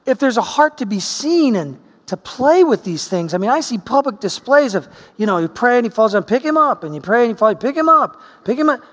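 Animated high-voiced middle-aged male pastor. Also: brisk, hardly any pauses, long reverb tail. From Oregon, US. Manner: animated storyteller, acts out voices. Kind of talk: sermon with personal story.

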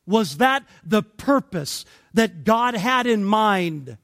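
A male pastor teaching through a sermon in a high voice. He speaks slowly and deliberately, pausing between phrases and leaning hard on key words. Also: expressive, fairly bright tone. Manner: deliberate, emphatic preaching with pauses. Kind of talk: expository sermon.

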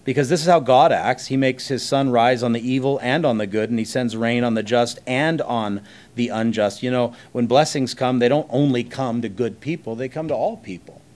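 A man delivering a sermon as a pastor, preaching conversationally with rhetorical questions and emphatic pauses between short phrases. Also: mid-range voice, fairly even intonation, darkish tone.

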